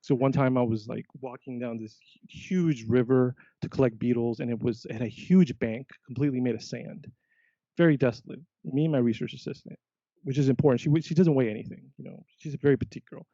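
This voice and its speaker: A man, a podcast guest, telling a story in casual chat, animated and quoting himself often. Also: mid-range voice, fairly quick, no echo. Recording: dull lo-fi sound.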